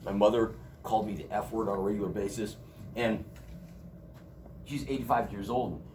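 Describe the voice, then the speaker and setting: A man's voice: fairly low pitch, steady tone, brisk, noisy background. A middle-aged man teaching a college class in a casual, joking storytelling manner. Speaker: college instructor.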